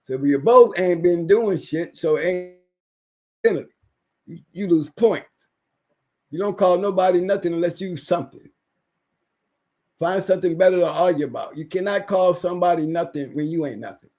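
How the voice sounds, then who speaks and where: High-voiced man ranting on a livestream. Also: moderate pace, long pauses, darkish tone. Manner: ranting, repetitive, emphatic. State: recovering from illness. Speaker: livestream guest. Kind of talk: casual livestream rant.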